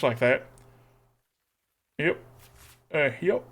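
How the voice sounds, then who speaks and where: A man comments on his card game live, talking in a put-on folksy country twang. His voice sits fairly high for a man. He keeps slipping joking, self-deprecating asides in between plays. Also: lively intonation, normal speed, a bit bright. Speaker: streamer.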